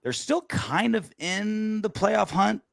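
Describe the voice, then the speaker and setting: A man's voice: sits high, takes it slowly, vocal fry, fairly bright tone, dry recording, studio quality. A man co-hosting a post-game football podcast, bantering crudely and joking. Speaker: podcast co-host.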